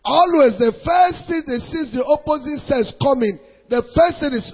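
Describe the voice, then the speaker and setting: Animated Nigerian pastor in a big hall. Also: male voice, very high voice, normal speed, few pauses. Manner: animated storytelling in Nigerian Pidgin mixed with English, acting out voices. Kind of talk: preaching sermon to a congregation. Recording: dull recording in a large reverberant hall.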